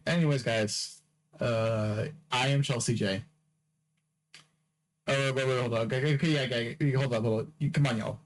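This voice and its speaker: A man's voice: medium pitch, fairly even intonation, normal speed, pauses often, low-quality recording. A man hosting a podcast, rambling through a casual solo sign-off, joking with and teasing his listeners and repeating phrases over and over. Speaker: podcast host.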